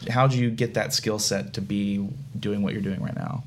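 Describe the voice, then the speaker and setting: A man's voice: on the low side, steady tone, normal speed. A man hosting a podcast who asks the guest questions in a loose, casual way. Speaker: podcast host. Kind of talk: casual interview chat.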